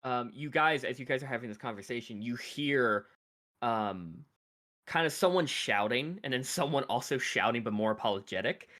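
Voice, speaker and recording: A man narrating a tabletop game as game master, halting with many fillers. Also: medium pitch, expressive, bright, forceful tone.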